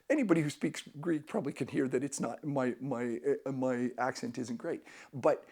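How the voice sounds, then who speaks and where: Gravelly man hosting a travel vlog. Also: mid-range voice, normal speed, few pauses, a little mellow. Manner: enthusiastic and self-deprecating. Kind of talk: casual travel tips talk.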